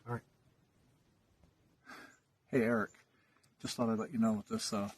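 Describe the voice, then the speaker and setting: A man casually chatting about his hunt in a relaxed vlog manner, outdoors in the woods, filmed by someone else. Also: on the low side, moderate pace, pauses often, a little hiss or hum. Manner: chatty, easygoing, fillers. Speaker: hunting vlogger. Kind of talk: casual hunting vlog talk. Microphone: camera held by another person, from a distance. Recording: voice from some distance.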